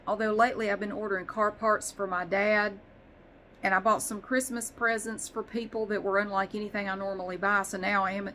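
A woman vlogger rambles in casual chat, swearing lightly and poking fun at herself. Her voice is bright and forward, with a faint hiss of noise in the background. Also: mid-range voice, fairly even intonation, fairly quick, poor audio.

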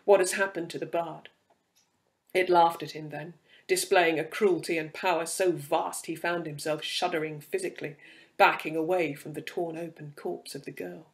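A man giving a measured, dramatic reading of dark fiction. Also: fairly high pitch, level tone. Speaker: reader.

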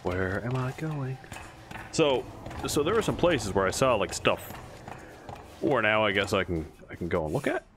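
A man giving casual let's play commentary, full of excited exclamations and chuckles. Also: lowish voice, normal speed, background noise.

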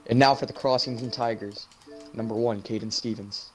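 A man imitating a booming male stadium announcer, drawing out each player call. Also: fairly even intonation, faint music behind, lightly acted. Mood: hyped. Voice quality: drawn-out announcer calls.

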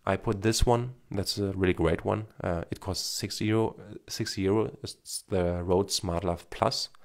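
A man's voice: low voice, a little mellow. A man in his thirties with a German accent, slightly tinged with Indian, giving earnest, encouraging advice to camera, with many fillers. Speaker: marketing coach, former TV cameraman. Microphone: smartphone with an external microphone.

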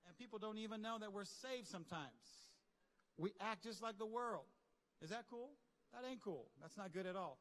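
A man preaching a lively, conversational sermon with slang and asides to his congregation. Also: sits high, normal speed, in a large hall. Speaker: pastor. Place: large church hall.

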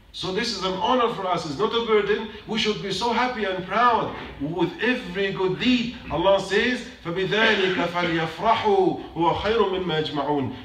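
Man preaching in a mosque, high voice, keeps repeating himself for emphasis, echoey room. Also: a bit bright, slight background noise. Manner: emphatic, repeats points, asks the congregation questions. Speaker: mosque speaker. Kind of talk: short sermon reminder. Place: mosque prayer hall. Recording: echoey hall from a distance.

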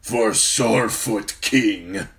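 A man's voice: lowish voice, very slow, voice pushed up, heavily acted. A man doing a scornful warlord, broken speech. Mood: commanding scorn. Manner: broken, clipped speech, forceful. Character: proud horse-lord warrior chieftain, male.

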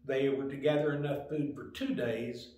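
An older man giving a Sunday school lesson, telling stories in a plain, unhurried way with small restarts. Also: medium pitch, steady tone, mellow. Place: church room. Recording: very echoey room.

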